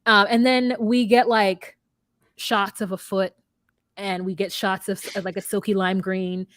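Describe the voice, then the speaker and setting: A woman's voice: medium pitch, little pitch movement, a little slow, a bit bright, dry recording. A woman co-hosting a podcast, recapping a show in casual gossipy chat. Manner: gossipy, mimics people in quotes. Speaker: podcast co-host.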